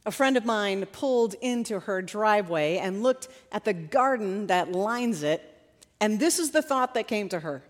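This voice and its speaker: A woman preaching a sermon and reading scripture, her delivery swinging from hushed to loud. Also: medium pitch, expressive, moderate pace, long reverb tail.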